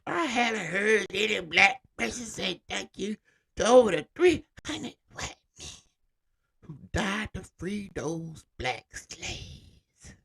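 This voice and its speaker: A man's voice: sits high, expressive, slow pace, vocal fry, sharp tone, husky, pitched above the performer's own voice, full character voice. A man putting on a whiny, indignant old caller. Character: grumbling old white male call-in viewer.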